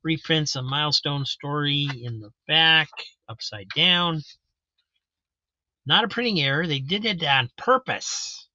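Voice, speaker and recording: Chatty comic auction host, a man with a bright, slightly high voice, close and dry. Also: measured pace, no room sound, lo-fi sound. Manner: casual, chatty, describes books as he goes. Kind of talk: live auction commentary.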